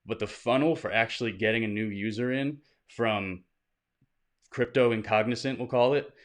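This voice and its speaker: Hosting a weekly crypto livestream, a man reads viewer questions aloud and answers them off the cuff in a casual, upbeat Q&A, greeting viewers by name. His voice is mid-range and his pace moderate.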